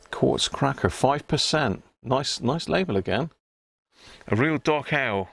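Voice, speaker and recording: A man's voice: medium pitch, lively intonation, measured pace, gravelly, fairly bright tone, no echo. A man hosting a casual live stream, chatting with viewers and reading labels aloud with little chuckles. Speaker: livestream host.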